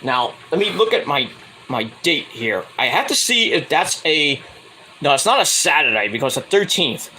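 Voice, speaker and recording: A man's voice: a little high, very animated, normal speed, slight background noise. A man casually reviewing a wrestling show on his own, rambling with crude asides. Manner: rambling, crude asides, jumps into loud impressions.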